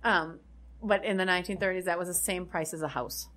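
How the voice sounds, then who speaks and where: A woman's voice: fairly low pitch, steady tone, a little fast, a bit bright. A woman co-hosting a casual podcast, explaining facts with many ums and restarts. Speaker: podcast co-host. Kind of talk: casual chat.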